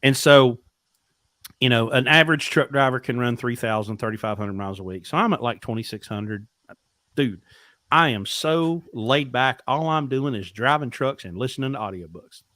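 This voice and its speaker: A man's voice: medium pitch, normal speed, bright, forceful tone, dry recording. A middle-aged man, a podcast guest telling blunt, profane stories and acting out dialogue. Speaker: podcast guest, truck driver. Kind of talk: casual storytelling interview.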